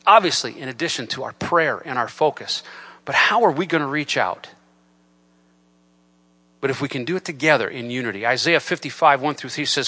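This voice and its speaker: A man preaching a sermon in a church. He reads scripture in a solemn cadence and builds from soft, low talk to loud, raised preaching. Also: brisk. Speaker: pastor. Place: church sanctuary.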